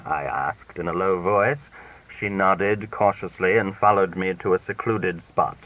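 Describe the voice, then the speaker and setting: Bright-voiced man reading an audiobook. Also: sits low, unhurried, far from the mic. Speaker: audiobook reader. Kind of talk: audiobook narration. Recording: dry, slightly dull audiobook recording.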